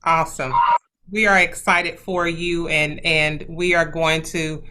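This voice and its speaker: A woman's voice: deep voice, flat delivery, a little slow, very noisy. A woman hosting an interview, asking loose, supportive questions with fillers. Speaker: talk show host. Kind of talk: interview conversation.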